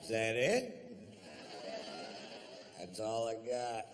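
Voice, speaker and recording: A middle-aged man doing a stand-up comedy routine on stage in a drawling, deadpan way. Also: fairly low pitch, drawn-out words, very noisy. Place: stage before a live audience.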